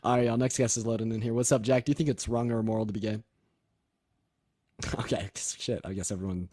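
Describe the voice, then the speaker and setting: A man's voice: lowish voice, steady tone, fast, pauses often, mellow, no echo, studio quality. A nineteen-year-old man hosting a livestream debate, chatting casually, thanking viewers and laughing often. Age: young adult.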